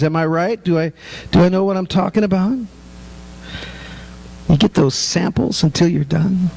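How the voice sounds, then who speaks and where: A man's voice: high voice, a little mellow. A middle-aged man, a pastor, preaching a sermon in a humorous, conversational way.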